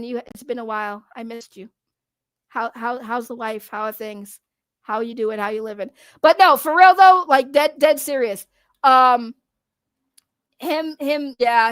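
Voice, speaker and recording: A woman's voice: a little high, fairly bright tone, no echo, clean studio sound. A woman streamer giving casual, sarcastic live commentary, rambling with restarts and laughs.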